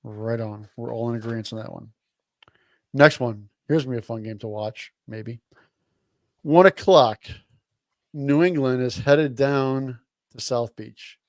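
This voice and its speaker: A man running a laid-back football picks show. His voice sits in the middle range and is recorded dry and close. He reads each matchup slowly, then adds a joke. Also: mid-range voice, darkish tone, dry recording. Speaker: podcast host. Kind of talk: casual group chat reading game picks.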